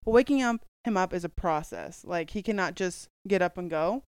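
A woman with a smooth, clear voice telling a casual story on a podcast. She acts out the lines of others in a lively way and laughs easily. The sound is dry and close. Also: on the low side, normal speed, no room sound. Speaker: podcast co-host. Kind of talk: casual chat.

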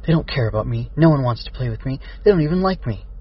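A man's voice: a little high, very animated, normal speed, breathy edge, lo-fi sound, voice pushed up, full character voice. A man voicing a bossy, lonely little girl in a storybook reading. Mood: sulky.

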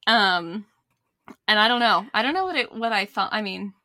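A woman with a bright, forward voice co-hosts a casual podcast chat. She tells loose, rambling anecdotes and laughs often. The sound is dry and close, with no room reverb. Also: medium pitch, expressive, moderate pace. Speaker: podcast co-host.

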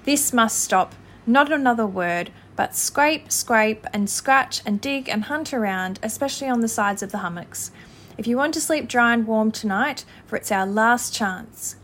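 A woman voicing an excitable, bossy male water rat in a storybook reading. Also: on the high side, normal speed, a little hiss or hum, close to an everyday voice. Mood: impatient.

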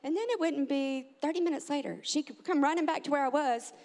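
Animated storytelling mother, high voice. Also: a little fast. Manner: animated, acts out quotes with big pitch jumps. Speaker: adoptive mother telling a family story. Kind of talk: personal storytelling. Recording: long hall reverb.

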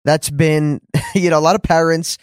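Male podcast host, affirming, slightly high voice, dry recording. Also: fairly even intonation, normal speed, smooth, no room sound. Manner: affirming, frequent murmured agreement. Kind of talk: conversational interview.

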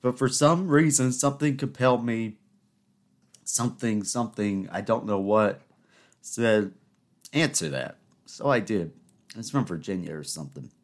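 Young guy in his twenties, lowish voice, chatty solo podcast host who rambles and pokes fun at himself, then gets worked up. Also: lively intonation, a little slow, long pauses. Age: 20s. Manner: rambling, self-mocking, rising into exasperated rants. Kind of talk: casual solo podcast monologue.

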